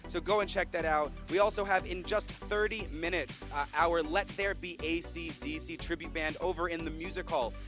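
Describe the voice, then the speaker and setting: Upbeat young man hosting a stage show. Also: fairly high pitch. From Florida. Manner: upbeat showman patter with corny jokes. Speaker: cruise director. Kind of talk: stage announcing to a theater audience.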